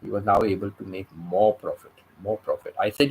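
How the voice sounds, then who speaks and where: A man's voice: on the low side, steady tone, a little fast, a little mellow, rough recording. Male vlogger, emphatic storyteller, faint hiss behind. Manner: emphatic, repeats phrases for stress. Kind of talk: casual storytelling vlog.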